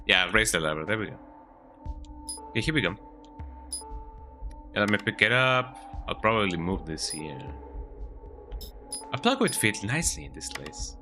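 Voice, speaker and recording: Male streamer, lowish bright voice, animated casual commentary, game music behind. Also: normal speed, pauses often. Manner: chatty, lively, tags sentences with "eh?". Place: home, with a cat on his lap.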